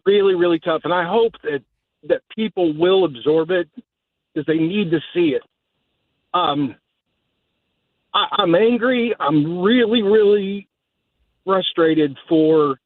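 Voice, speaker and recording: A man's voice: on the high side, no echo. Emotional middle-aged texas guy calling in, stops and starts, thin phone sound, dry. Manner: emotional, earnest, halting. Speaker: caller. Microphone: phone line. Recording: tinny phone line.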